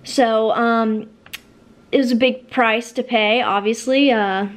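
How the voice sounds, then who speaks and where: A woman's voice: on the high side, steady tone, slow pace, a little hiss or hum. A young woman vlogging casually, rambling with many fillers and restarts, while she has the hiccups. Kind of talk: casual vlog chat.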